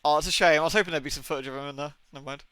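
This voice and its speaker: A man's voice: on the high side, steady tone, racing, a bit bright, smooth, no echo. A young man chatting casually on a livestream, swearing often and laughing as he talks about old TV episodes. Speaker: streamer.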